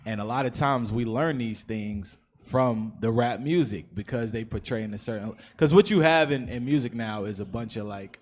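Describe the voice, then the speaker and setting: A man's voice: mid-range voice, normal speed, few pauses. A man explaining his view earnestly in a casual radio discussion. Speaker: panel member.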